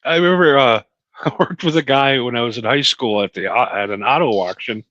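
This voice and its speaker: A man's voice: medium pitch, brisk, fairly bright tone, no echo, muffled recording. A man co-hosting a casual podcast, laughing often and jumping into jokes and bits. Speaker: podcast co-host. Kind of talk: casual chat.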